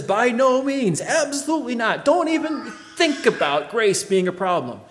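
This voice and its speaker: Male pastor, slightly high voice, emphatic sermon delivery, church reverb. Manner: emphatic preaching, swells loud then drops low.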